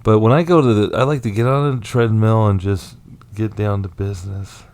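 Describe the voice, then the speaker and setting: A man co-hosting a casual comedy podcast, tossing in teasing jokes and quick comebacks. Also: fairly low pitch, steady tone, gravelly, a little mellow, dry recording. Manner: teasing, quick jokey interjections. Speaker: podcast co-host.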